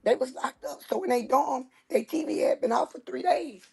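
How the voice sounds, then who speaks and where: A woman's voice: sits high, expressive, moderate pace, creaky, dark tone, husky. A woman host, telling a story in casual chat, with emphatic, dramatic repetition. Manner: emphatic, dramatic retelling with repeated phrases.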